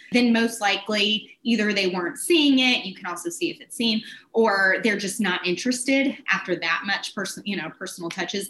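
A woman guest in an interview, giving sales advice in an energetic, animated way with quick bursts. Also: mid-range voice, poor audio.

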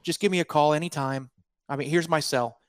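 A man's voice: a little high, steady tone, fairly quick, clean tone, dry recording, clean studio sound, lightly acted. A man voicing an anxious older male executive who leaves hesitant, stammering, pleading voicemails.

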